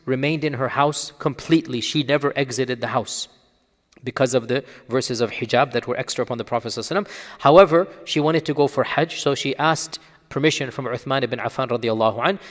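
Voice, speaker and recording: Earnest male scholar in reverberant room. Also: mid-range voice. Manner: earnest teaching tone, rhetorical questions and check-ins. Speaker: Islamic scholar answering questions. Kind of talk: explanatory religious lecture.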